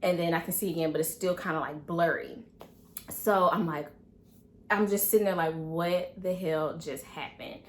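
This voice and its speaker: Young woman vlogging, animated storytelling, fillers, lowish voice, echoey room. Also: fairly quick, a little hiss or hum. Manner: animated retelling, acts out quoted dialogue, many fillers. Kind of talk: personal storytelling vlog.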